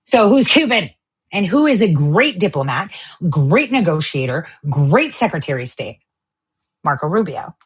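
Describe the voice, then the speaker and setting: A woman's voice: on the low side, very animated, normal speed, breathy edge. A woman hosting a political commentary show, ranting in a heated, profane, sarcastic way. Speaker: host.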